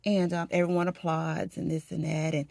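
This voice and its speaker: A woman vlogger chatting casually as she gets ready for work at home, telling a story in an animated, dramatic way with laughs. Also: lowish voice, moderate pace, vocal fry, dry recording, clean studio sound.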